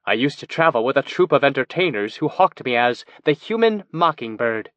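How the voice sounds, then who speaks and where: A man voicing a playful young woman, a natural mimic and former traveling entertainer, lively and teasing. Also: mid-range voice, no echo, natural voice. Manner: lively, quick-shifting, teasing.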